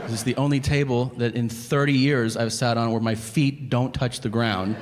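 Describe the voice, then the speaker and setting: A man in his thirties doing a stand-up comedy routine, telling stories and acting out both sides of each conversation in an animated way. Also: medium pitch, moderate pace. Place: comedy club stage. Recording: live club set with hall reverb and audience noise. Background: audience laughter.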